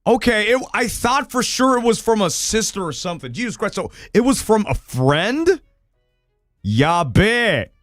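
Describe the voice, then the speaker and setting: Lively, excitable male streamer. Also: sits high, measured pace, dry recording, clean studio sound, soft background music. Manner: excitable, swears a lot, laughs often. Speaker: streamer host. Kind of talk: reading viewers' horror stories on a livestream.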